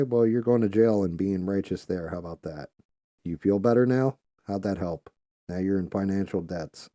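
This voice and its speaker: A man's voice: sits low, normal speed, mellow, dry recording. A man hosting a live stream, talking bluntly and profanely in casual chat. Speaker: live show host.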